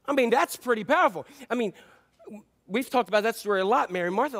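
High-voiced man preaching a sermon. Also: lively intonation, fast talker, fairly bright tone. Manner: conversational and joking, quizzes the congregation; acts out scripture quotes in playful voices. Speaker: pastor.

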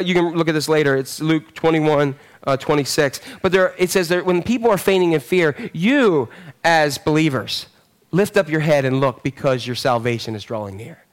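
A man in his forties preaching a sermon in a conversational, rambling way, telling animated stories full of fillers and restarts. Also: on the high side. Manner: animated storytelling. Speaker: pastor.

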